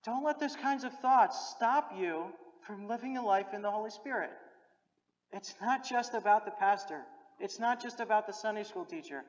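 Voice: mid-range voice, moderate pace. Preacher in a reverberant hall. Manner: direct, exhorting, repeats key phrases. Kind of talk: sermon. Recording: dull recording with long hall reverb.

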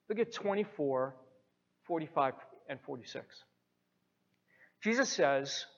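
A male pastor preaching a sermon emphatically, repeating phrases for stress. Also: a little high. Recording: muffled sound in a reverberant hall.

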